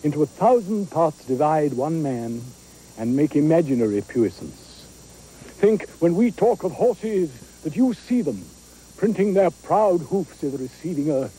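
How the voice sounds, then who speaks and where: An actor playing the chorus of a Shakespeare history play, declaiming the verse grandly and imploringly. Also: male voice, a little high, sing-song, a little slow, dark tone, a little hiss or hum, poor audio. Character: stately male stage chorus, grand and imploring.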